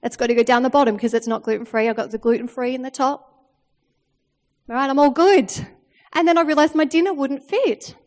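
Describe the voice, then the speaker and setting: A woman, preaching a sermon in a chatty, animated storytelling way, often checking in with "okay?". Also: high-pitched, fairly quick, in a large hall. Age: 30s.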